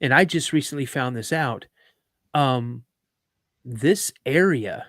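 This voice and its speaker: A man's voice: mid-range voice, measured pace, a bit bright, no echo, studio quality. Man telling a story in a stop-start ramble. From Minnesota. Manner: rambling, many restarts and stammers. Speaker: podcast host. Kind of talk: casual storytelling. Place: live podcast studio.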